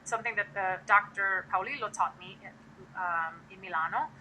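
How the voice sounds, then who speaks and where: A woman's voice: mid-range voice, normal speed, pushed and bright, a little hiss or hum, low-quality recording. A woman giving a casual live-streamed singing lesson, chatting to viewers and demonstrating sounds as she explains. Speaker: voice teacher.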